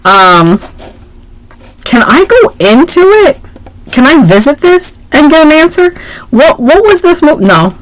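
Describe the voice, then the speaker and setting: A woman co-hosting a casual movie chat, playful and animated, joking around as she talks. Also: sits high, a little slow, low-quality recording. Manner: playful, animated, jokes and puts on voices. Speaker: podcast co-host.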